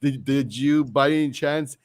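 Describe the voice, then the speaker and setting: A man's voice: mid-range voice, measured pace. A man hosting a casual online interview, chatty and giggling often. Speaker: host.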